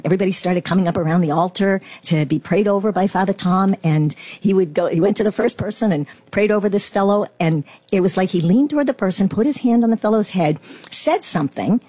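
A middle-aged woman, a guest telling her personal testimony with animated acted-out quotes. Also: on the low side, no room sound. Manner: animated storyteller, acts out quotes.

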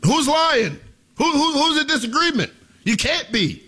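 A young man hosting sports talk radio, delivering a theatrical monologue that he keeps addressing to the listeners as ladies and gentlemen. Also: very high voice, sing-song, measured pace.

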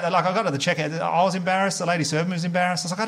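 A man's voice: high-pitched, very fast, fairly bright tone, slight background noise. An Australian man doing a stand-up comedy set, chatty and sweary, acting out bits of dialogue with the crowd. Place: comedy venue with live audience.

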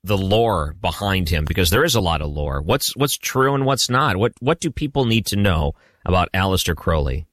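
A man's voice: sits low, expressive, normal speed, few pauses, a bit bright, dry recording. A man hosting a late-night talk radio show, friendly and chatty, interviewing a guest. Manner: friendly, chatty, laughs often.

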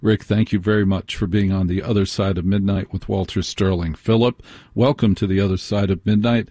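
A male late-night radio host speaks into a studio mic in a measured, emphatic way, repeating lines for effect. His voice is low, mellow and slightly husky. The sound is dry and close. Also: steady tone, no room sound. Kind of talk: radio call-in show. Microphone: studio microphone.

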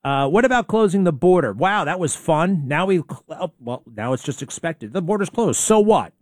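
A man's voice: a little high, lively intonation, moderate pace, no echo, studio quality. A man hosting a talk radio show, ranting in a fired-up way with many rhetorical questions. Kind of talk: heated talk radio monologue.

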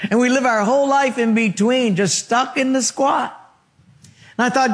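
A man preaching a sermon in a high voice. He speaks in rhythmic, rhyming phrases and puts questions to the congregation. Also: moderate pace, long reverb tail. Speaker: pastor.

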